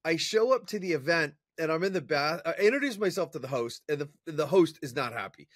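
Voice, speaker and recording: A man as an interview guest, telling a personal story in an energetic, chatty way with fillers and restarts. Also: a little high, fairly quick, no echo, studio quality. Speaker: interview guest, professional speaker. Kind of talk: casual storytelling in conversation.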